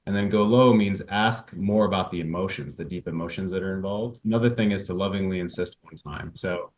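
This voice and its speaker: A man coaching a caller about marriage, playful and quick to act out both sides of an argument. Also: sits low. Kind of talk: coaching call.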